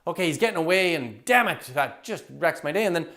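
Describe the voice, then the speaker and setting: A man working as a happiness coach, giving an enthusiastic, animated teaching talk to camera and acting out everyday scenes. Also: fairly high pitch, fairly quick. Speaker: happiness coach and public speaker.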